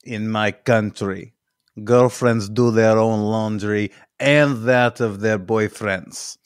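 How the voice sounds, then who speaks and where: A man putting on a stern, unsmiling young Russian man in a hammed-up Russian accent. He speaks slowly and deadpan in a low voice. The sound is dry and close. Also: clear, resonant tone, no room sound. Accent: Russian (comical).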